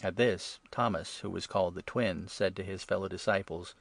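A man reading scripture aloud in a steady, even narration. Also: sits low, moderate pace, vocal fry, no echo. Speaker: reader.

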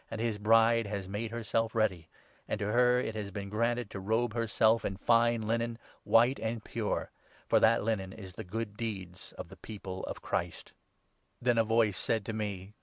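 A man giving a measured, solemn scripted Bible reading, lifting his voice for the quoted cries. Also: fairly low pitch, no room sound. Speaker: scripture reader.

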